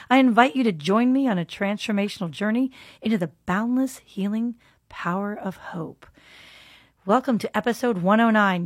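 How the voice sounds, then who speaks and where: A woman's voice: medium pitch, dry recording, studio quality. A woman hosting a faith podcast, reading scripture and musing in an earnest way, at times dropping into a whisper. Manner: earnest, musing aloud, shifts into soft whispers. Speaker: podcast host.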